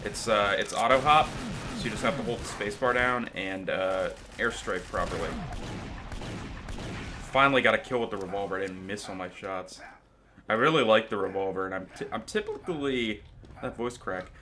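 A young man giving live gameplay commentary, excitable and profane, with sudden bursts of yelling. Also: on the low side, moderate pace, slight background noise. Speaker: gaming commentator.

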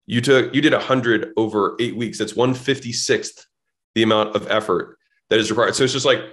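A man's voice: fairly low pitch, brisk, a bit bright. A man guest on a podcast telling blunt, casual stories, swearing freely and acting out both sides of conversations. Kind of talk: casual storytelling.

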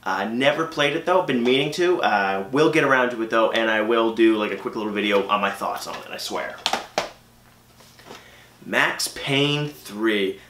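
Chatty man, bright voice, echoey room. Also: lowish voice, moderate pace, a little hiss or hum. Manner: chatty, opinionated, frequent ums and uhs. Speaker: gaming channel host. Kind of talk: casual game collection vlog.

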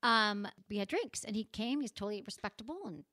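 A woman's voice: medium pitch, fairly quick, bright, forceful tone, no room sound, clean studio sound. A woman in her thirties, a podcast host, telling a story in casual chat and acting out the quotes.

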